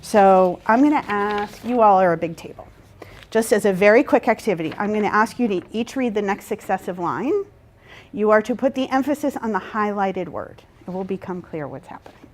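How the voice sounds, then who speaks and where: A woman's voice: mid-range voice, animated, a little fast. A woman facilitating a workshop, explaining to a group and checking in with "right?" and "okay?". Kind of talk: interactive workshop talk.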